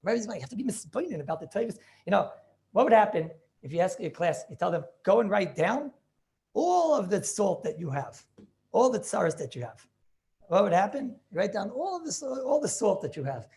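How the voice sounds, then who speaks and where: Very animated and brisk, the man's high, slightly mellow voice carries an informal lesson over video call. He's a rabbi in his forties whose preaching leans on repetition and rhetorical questions.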